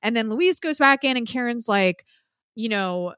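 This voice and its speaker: A woman co-hosting a podcast, recapping a film in a casual, profane, lively storytelling way. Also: fairly high pitch, moderate pace, clean tone, no echo, clean studio sound. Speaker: podcast co-host.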